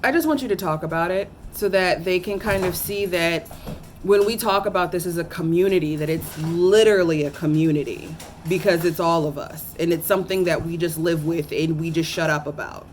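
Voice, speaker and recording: Casting note: young woman, earnest halting storyteller, faint background hum. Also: on the low side. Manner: earnest and emotional, halting with many fillers and restarts. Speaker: teacher. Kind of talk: personal storytelling to camera.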